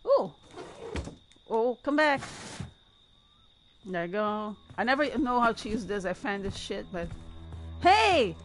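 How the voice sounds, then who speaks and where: A woman giving chatty, excitable gameplay commentary and laughing often. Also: medium pitch, normal speed, pauses often, faint music behind. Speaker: gamer.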